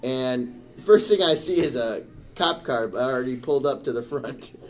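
A middle-aged man telling a story in casual chat, animated and turning indignant as he goes. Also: medium pitch, unhurried. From Michigan, USA. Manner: animated, rising to indignant outbursts. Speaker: storyteller on a talk show.

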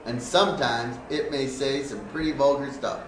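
A man's voice: medium pitch, moderate pace, close to an everyday voice. A blunt, matter-of-fact pet store owner warns his customer, read by a man. He sounds off-mic, in a room with noticeable echo. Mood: warning. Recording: echoey room, distant mic.

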